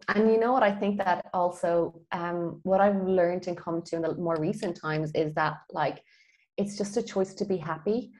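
A woman guest on a podcast, telling her life story in a lively, animated way and acting out the dialogue she quotes. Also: low-pitched. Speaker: guest, feng shui expert. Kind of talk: casual podcast interview.

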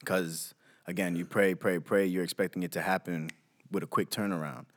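Deep-voiced, laid-back man. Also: steady tone, normal speed. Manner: laid-back, reflective, says "you know what I'm saying". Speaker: podcast co-host. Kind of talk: casual chat.

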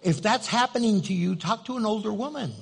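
A man's voice: sits high, a little fast, vocal fry, slight background noise. An older man preaching a sermon in a humorous, playful storytelling way. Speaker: pastor.

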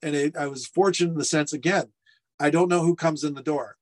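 A middle-aged restaurateur, appearing as a guest, tells lively stories in a casual storytelling interview set in a home furnace room. His voice is a little high and a little fast, and he acts out quotes as he goes.

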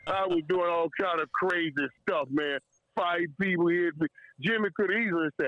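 A man's voice: sits high, moderate pace, dry recording, phone-quality sound. A man telling a story in casual chat, emotional and tearing up, stumbling over repeated words and laughing often. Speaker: guest storyteller.

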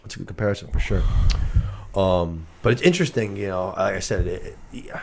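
Profane, animated podcast host man. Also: deep voice, a little fast, a little hiss or hum. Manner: animated, profane scene recap. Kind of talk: casual chat.

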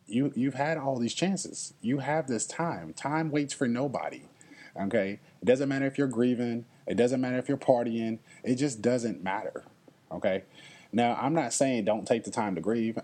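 This solo podcast features a young male host whose mid-range voice is husky and darkish. Reflective and sincere, he keeps asking listeners "okay?" and occasionally grows emotional.

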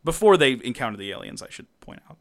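A man co-hosting a podcast, recapping a comic in casual chat, animated, laughing often and swearing freely. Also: medium pitch, fast, creaky. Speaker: podcast co-host.

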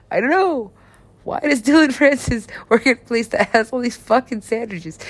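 A woman talking in rambling casual chat, laughing often, swearing freely and swinging her pitch up and down. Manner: rambling, frequent laughter, profane asides, big swings in pitch.

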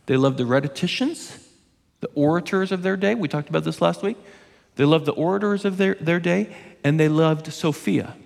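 Male pastor, raspy edge, earnest emphatic preaching, church hall reverb. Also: on the high side, darkish tone. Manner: earnest, emphatic, drawn-out pauses for weight. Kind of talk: sermon.

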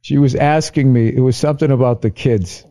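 A middle-aged man, a stand-up comedian, telling a story casually on a podcast, profane and animated as he acts out both sides of an argument. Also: mid-range voice, fairly quick.

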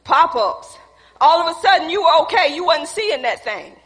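High, bright-voiced woman preaching. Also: very animated, normal speed. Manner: calls out to the congregation, laughing, playful. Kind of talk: lively sermon. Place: church hall. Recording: reverberant church hall.

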